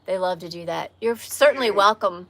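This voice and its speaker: A woman's voice: mid-range voice, moderate pace, fairly bright tone. A woman with a slight Southern accent, hosting a casual livestream from an outdoor porch and talking candidly to viewers' comments, often restarting her sentences. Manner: candid, frank, with frequent restarts and trailing phrases. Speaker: livestream host.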